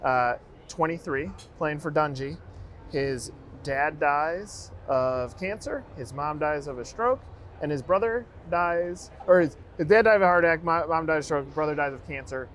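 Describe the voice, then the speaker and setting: A man's voice: fairly high pitch, normal speed, fairly bright tone, slight background noise. Man hosting with encouraging affirmations. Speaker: interview host. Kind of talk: long-form interview.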